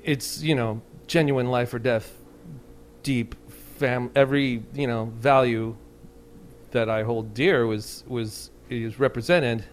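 A man's voice: mid-range voice, fairly even intonation, slow, slight background noise. A man talking casually in an interview as a touring band musician, rambling and self-deprecating, with many restarts.

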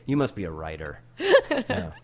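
A man's voice: mid-range voice, wildly swooping pitch, a little slow, gravelly. A man hosting a casual interview in a backyard studio, loose and chatty with many fillers, getting over a cold. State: recovering from a cold. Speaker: podcast host.

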